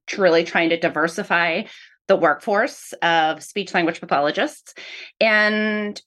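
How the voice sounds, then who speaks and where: A woman's voice: fairly low pitch, a bit bright. Earnest woman professor explaining. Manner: earnest, explanatory, repeats "really" often. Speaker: professor of speech-language pathology. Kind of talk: interview answers.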